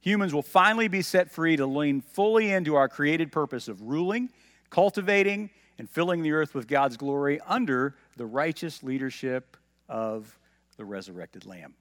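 A man preaching a sermon in a slightly higher voice, with the sound carrying long echoes through a church hall. He teaches through the passage, stresses scripture as he reads it aloud and asks his listeners questions along the way. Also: animated, normal speed, fairly bright tone. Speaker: pastor.

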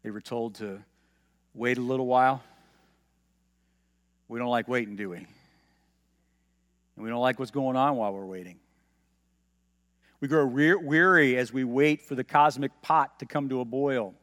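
A man's voice: mid-range voice, moderate pace, long pauses, a bit bright. Man preaching in a reverberant hall. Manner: teaching, asks the congregation questions; reads scripture aloud with emphasis. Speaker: pastor. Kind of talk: sermon.

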